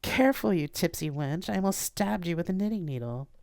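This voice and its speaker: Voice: medium pitch, animated, fairly quick, gravelly, a little mellow, no room sound, studio quality, pitched above the performer's own voice. The reader voicing an affectionate, joking young woman in an audiobook. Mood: playful.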